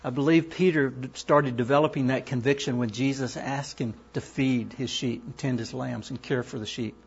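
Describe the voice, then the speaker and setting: A man's voice: mid-range voice, fairly even intonation, creaky, breathy edge. A middle-aged man in ministry giving an earnest sermon-style talk, reading scripture and verse aloud. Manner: earnest, reads scripture and poems aloud with pauses. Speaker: ministry worker. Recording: dull lo-fi recording.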